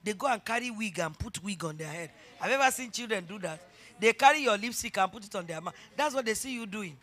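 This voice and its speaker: A middle-aged woman pastor with a Nigerian accent preaching a sermon, emphatic and repeating her phrases as she builds to shouted exhortation. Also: medium pitch, expressive, quick pace.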